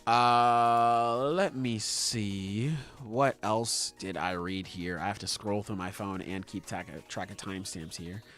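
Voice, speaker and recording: A man's voice: on the low side, steady tone, slow pace, hardly any pauses, fairly bright tone. A man hosting a podcast in casual chat, talking with enthusiasm and swearing freely. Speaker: podcast host.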